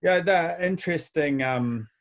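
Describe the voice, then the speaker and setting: A man's voice: on the high side, unhurried. A man hosting a casual talk, rambling with many restarts and telling anecdotes. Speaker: host. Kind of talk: casual chat.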